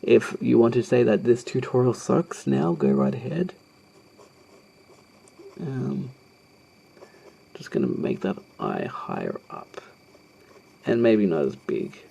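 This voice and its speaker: Mid-range but with huge pitch swings, this man's voice is gravelly, mellow and slightly rough, and he talks slowly with frequent pauses. As an art tutorial host, he narrates a live drawing while sketching, hesitant and rambling, with many ums and self-deprecating asides.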